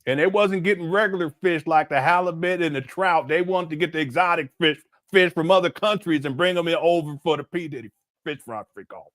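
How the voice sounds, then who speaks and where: Middle-aged socal guy riffing on a video, mocking and incredulous, kinda high voice, dry close mic. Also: a little fast, fairly bright tone, no echo. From Southern California. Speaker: commentary channel host. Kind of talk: casual video commentary.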